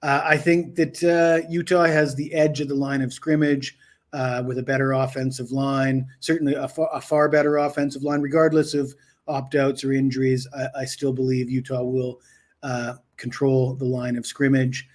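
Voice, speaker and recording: Male betting analyst, even monotone delivery, methodical podcast breakdown. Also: mid-range voice, normal speed.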